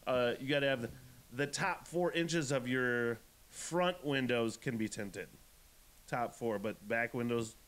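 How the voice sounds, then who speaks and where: A man hosting a podcast, telling a story in a profane, animated, ranting way. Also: mid-range voice, measured pace. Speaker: podcast host. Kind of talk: casual podcast chat.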